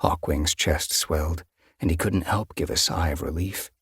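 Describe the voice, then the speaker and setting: This is scripted audiobook narration from a man with a deep, husky voice. He tells the story in a steady, measured way, captured at studio quality with no echo.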